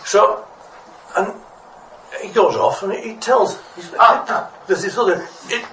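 A man's voice: high-pitched, slow pace, bright, forceful tone, a little hiss or hum. A man preaching a rambling, good-humoured parable in a church. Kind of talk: storytelling sermon. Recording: echoey room from a distance.

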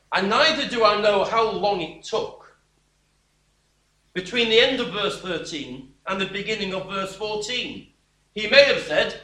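Preacher, male, high bright tone, unhurried emphatic delivery, echoey hall sound. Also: animated. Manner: slow, emphatic preaching with sudden drops to a quiet voice. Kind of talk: sermon. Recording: echoey room.

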